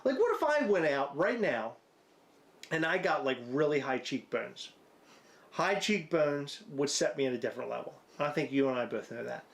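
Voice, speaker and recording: A man's voice: fairly high pitch, very animated, moderate pace, creaky. A man co-hosting a podcast, rambling through crude, absurd hypotheticals with profane banter. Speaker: podcast co-host.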